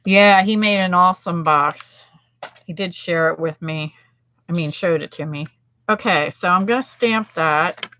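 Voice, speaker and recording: A woman's voice: lowish voice, measured pace, bright, forceful tone, no room sound, highs cut off. A middle-aged American woman demonstrating card making on a livestream, chatting with viewers and laughing at her own mistakes. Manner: chatty, self-deprecating, laughs often.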